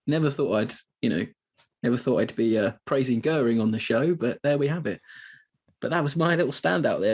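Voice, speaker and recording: A man hosts a casual film podcast in a slightly husky voice. He rambles loosely and leans on lots of fillers as he talks. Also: medium pitch, a little mellow. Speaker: podcast host.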